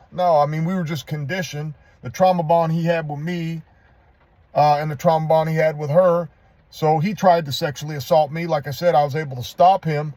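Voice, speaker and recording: A man speaks in a dark, mellow voice, earnest and confessional as he works through his own story. He rambles and halts, restarting his sentences often. The sound is close and dry, with no room around it. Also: fairly high pitch, no echo. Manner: halting, rambling, with many restarts. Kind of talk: personal testimony monologue.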